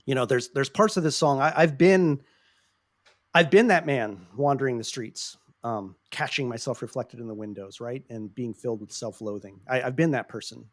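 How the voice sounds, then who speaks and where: Earnest, passionate podcast host. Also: male voice, medium pitch, no echo. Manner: earnest, passionate, frequent swearing; halting restarts when searching for words. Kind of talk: casual podcast discussion.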